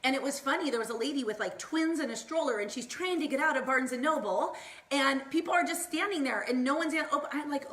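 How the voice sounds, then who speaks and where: A bubbly woman in her thirties gives motivational tips on a live stream, chatty and full of tangents. Her voice sits a little high, and the room around her rings with echo. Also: lively intonation, quick pace, a bit bright. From Southern California. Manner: bubbly, tangent-prone, acts out quoted voices. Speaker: wellness vlogger. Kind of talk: upbeat motivational Facebook Live chat. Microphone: phone or laptop mic, live stream.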